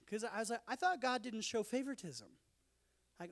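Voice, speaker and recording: A man speaking at a conference in an animated, conversational sermon style with jokey asides. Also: high voice, normal speed, creaky.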